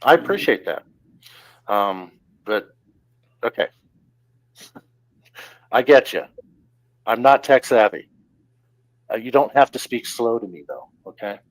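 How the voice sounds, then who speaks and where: A man's voice: mid-range voice, expressive, takes it slowly, long pauses, no echo, rough recording. Exasperated male panel host. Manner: exasperated, trying to keep order. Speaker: host and moderator. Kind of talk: moderating an online panel.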